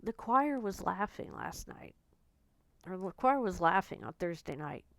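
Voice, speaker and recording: A woman's voice: on the low side, very animated, measured pace, vocal fry, fairly bright tone, no echo. A woman vlogger candidly telling a personal story, blunt and emotional, swearing freely.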